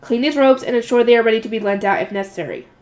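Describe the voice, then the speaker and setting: A woman reading a light novel aloud, voicing a stern, formal noble man who was once a high priest, with clipped, commanding lines. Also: rapid-fire, darkish tone.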